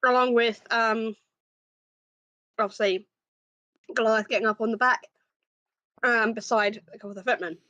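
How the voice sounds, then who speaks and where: A woman narrating a tabletop game as game master, describing scenes with frequent pauses. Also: a little high, steady tone, sharp tone, dry recording, dull audio.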